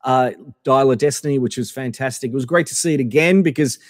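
A man's voice: mid-range voice, fast, no room sound, clean studio sound, long reverb tail. A man telling a long casual story as a podcast guest, full of fillers and acted-out quotes.

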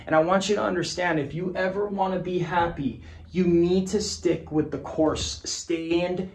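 A man's voice: high voice, measured pace, few pauses, a little mellow. Punchy, emphatic motivational man. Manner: punchy, emphatic, repeats phrases, swears casually. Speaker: business coach. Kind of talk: motivational talk to camera. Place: indoor office with a whiteboard. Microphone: camera mic.

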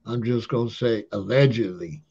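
A man's voice: fairly low pitch, moderate pace, a little mellow, slightly rough. Streetwise man ranting, lo-fi sound. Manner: loose streetwise slang, repeats "allegedly" and "you know what I'm saying". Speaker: commentator on a talk channel. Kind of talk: casual ranting monologue. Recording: dull lo-fi sound.

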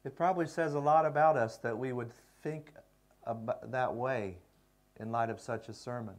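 A man teaching a seminary class on pastoral care, reflective and unhurried, with many pauses. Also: mid-range voice. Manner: slow, reflective, with pauses and fillers. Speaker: seminary lecturer. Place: lecture room.

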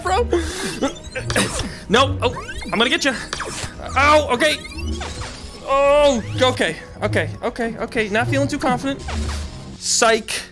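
An excitable young man narrating his own virtual reality gameplay, yelling and laughing as he goes. His pitch leaps all over the place. Music plays clearly underneath his voice. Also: a little slow, long pauses. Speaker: gaming YouTuber. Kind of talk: VR gameplay commentary.

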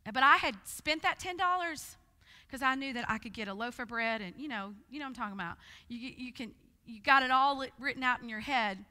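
Woman preaching, high bright voice, lively storytelling, echoey big hall. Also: fairly quick. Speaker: guest speaker. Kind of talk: conference sermon with testimony. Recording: long hall reverb.

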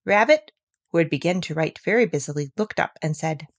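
A woman's voice: low-pitched, expressive, brisk. Woman reading a children's storybook. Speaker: storybook narrator. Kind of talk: children's story read aloud.

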